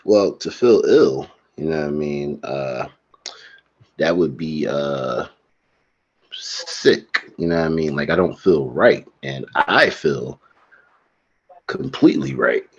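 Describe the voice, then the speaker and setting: A man joining a casual chat over a video call, laid-back and hesitant with drawn-out pauses. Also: extremely low pitch, expressive, creaky, husky, muffled recording. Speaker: guest. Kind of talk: casual online panel chat.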